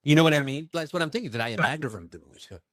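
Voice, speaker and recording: A man who works as a medium, telling a personal story in an expressive, emphatic way during a conversation. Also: on the high side, no echo, clean studio sound. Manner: expressive, emphatic, with bursts of fast speech. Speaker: medium recounting his experiences.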